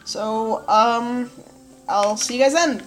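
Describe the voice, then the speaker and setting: A woman's voice: fairly high pitch, slow pace. Casual, profane woman game commentator. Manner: casual and profane, heavy use of "like" and "dude". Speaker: let's play host. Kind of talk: gameplay commentary.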